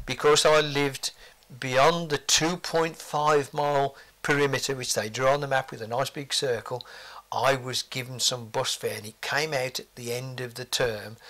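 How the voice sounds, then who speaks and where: A man's voice: mid-range voice, steady tone, moderate pace, bright, forceful tone. An older man, reminiscing forthrightly in an interview with blunt asides.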